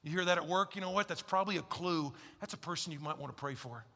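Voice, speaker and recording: A male pastor preaching a conversational, emphatic sermon in a large church, swinging from loud to hushed. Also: on the high side, quick pace. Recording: long hall reverb in a church.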